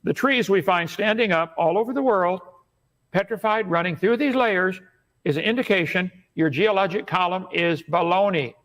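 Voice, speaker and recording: High-voiced lecturing man. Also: moderate pace, fairly bright tone. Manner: lecturing, assertive. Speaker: debate guest. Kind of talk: debate argument.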